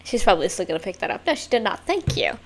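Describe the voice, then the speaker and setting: Excitable woman reacting with squeals and swearing. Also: mid-range voice, fast, vocal fry, background noise. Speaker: music video reaction host. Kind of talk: casual reaction commentary.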